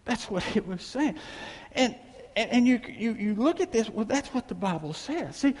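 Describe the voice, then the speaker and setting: A man preaching a folksy, animated sermon with laughing asides, recorded in a church hall. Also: extremely high pitch, normal speed. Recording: echoey hall with long reverb.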